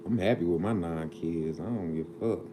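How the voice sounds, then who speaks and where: Deep-voiced man on a noisy livestream. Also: fairly quick. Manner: earnest, preachy, drawling street slang. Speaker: livestream host. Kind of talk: casual livestream talk. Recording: noisy background.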